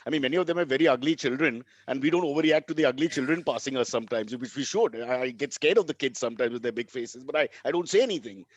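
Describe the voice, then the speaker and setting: A man's voice: mid-range voice, fast talker, hardly any pauses, dry recording, dull audio. A middle-aged man with an Indian English accent, telling wry comic stories as co-host of a comedy show. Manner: wry, deadpan jokes. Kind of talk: comic storytelling.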